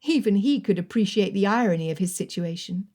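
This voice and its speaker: A woman narrating a romance audiobook in a measured, even storytelling manner. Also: medium pitch. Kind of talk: scripted narration.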